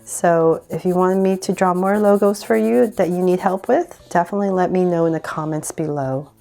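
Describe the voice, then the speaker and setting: A woman's voice: lowish voice, moderate pace, creaky, warm tone. A woman hosting a casual drawing tutorial, chatty and giggly, often saying um and poking fun at herself. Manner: chatty, giggly, self-deprecating, many ums.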